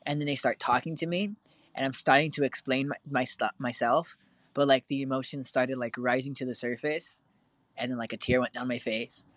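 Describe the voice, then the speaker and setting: A man's voice: mid-range voice, fairly even intonation, brisk, a bit bright, no room sound. A teenage boy co-hosting a casual chat, telling a long story with lots of fillers and restarts. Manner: rambling, filler-heavy storytelling.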